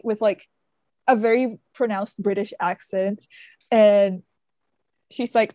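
A woman's voice: medium pitch, fairly even intonation, slow, pauses often, mellow, no echo. A woman podcast co-host retelling a book plot in casual chat, full of "like" and "sort of" fillers. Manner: chatty, frequent fillers like "sort of" and "like".

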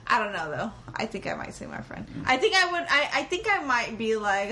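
A young woman co-hosting a casual podcast about a movie, animated and swearing, acting out characters' lines and laughing often. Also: a little high, fairly quick, slight background noise. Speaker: podcast co-host. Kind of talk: casual movie-discussion chat.

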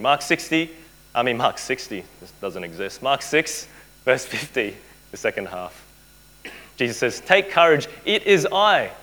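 A man's voice: mid-range voice, a bit bright, poor audio. A man preaching a sermon to a live audience, earnest, repeating key phrases and putting rhetorical questions to his listeners.

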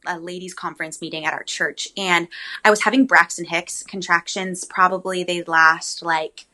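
A woman's voice: on the low side, moderate pace. A young adult woman telling her birth story in a casual chat, full of "like" and "um". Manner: chatty, animated storytelling with many "like"s and "um"s.

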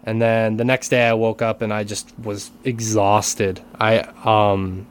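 A man's voice: on the low side, level tone, measured pace, slight background noise. A man co-hosting a casual podcast, talking with many restarts and careful hedging. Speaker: podcast co-host and teacher.

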